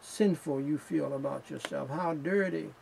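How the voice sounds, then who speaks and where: A man preaching a sermon in slow, emphatic phrases that build in fervor. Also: a little high, gravelly, darkish tone, a little hiss or hum, low-quality recording.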